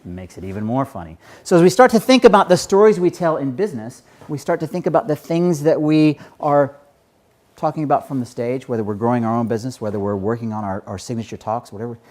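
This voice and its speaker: A man's voice: mid-range voice, expressive, fast, darkish tone. A man giving a keynote on public speaking to a live audience, conversational and often checking in with "right?". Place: stage before a live audience.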